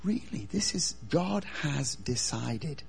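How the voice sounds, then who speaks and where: A man voicing a calm, reassuring male angel. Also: sits high, slow pace, faint music behind, exaggerated voice.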